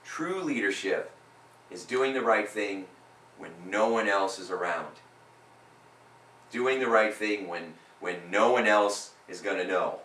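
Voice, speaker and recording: A man's voice: on the low side, lively intonation, takes it slowly, sharp tone, a little hiss or hum. A man working as a hypnotist, coaching a client live and pressing points home by repeating phrases with rising force. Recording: roomy sound from a distant mic.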